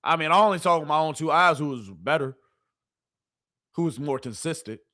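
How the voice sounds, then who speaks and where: A woman streamer giving casual, animated sports commentary, full of rhetorical questions and slang. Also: deep voice, brisk.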